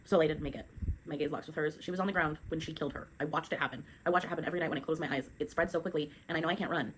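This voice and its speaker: A woman's voice: sits low, steady tone, a little hiss or hum, rough recording. A young adult woman casually recapping a novel chapter by chapter, chatty with lots of fillers, reading quotes aloud. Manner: chatty, many fillers, quick summarizing. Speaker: book reviewer.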